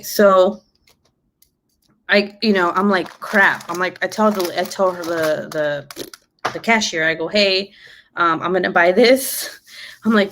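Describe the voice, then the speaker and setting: A woman's voice: fairly low pitch, a bit bright. A young adult woman telling a story on a casual live stream, blunt and profane, breaking into laughter often. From Mexican heritage. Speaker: vlogger.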